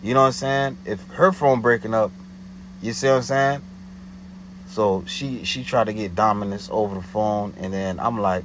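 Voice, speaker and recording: A man's voice: on the low side, steady tone, moderate pace, noisy background. A man telling a story in a casual, slangy way, often checking "you know what I'm saying".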